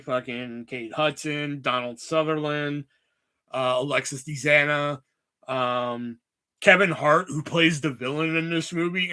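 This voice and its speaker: A man's voice: a little high, pushed and bright. A man hosting a livestream, chatting casually about movies in a rambling, sarcastic way full of swearing. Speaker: livestream host.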